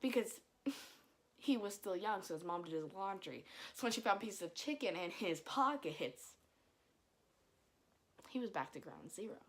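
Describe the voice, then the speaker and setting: A young woman with a Dominican family background, telling comic stories to camera in a casual vlog, mimicking her mother's scolding and getting loud at the punchlines. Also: mid-range voice, animated, normal speed, long pauses. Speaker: vlogger. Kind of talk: casual comedic storytelling to camera.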